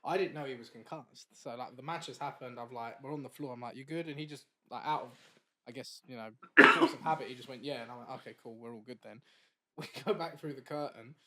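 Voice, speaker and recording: A man's voice: mid-range voice, quick pace, sharp tone. A man, a wrestler guest on a podcast, telling a story in casual chat. He laughs often and acts out the quoted dialogue.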